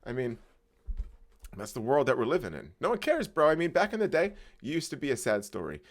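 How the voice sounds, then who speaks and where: Laid-back ranting podcast co-host. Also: male voice, mid-range voice, fairly quick. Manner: laid-back, ranting with bursts of excitement and swearing. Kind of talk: casual comedic podcast chat.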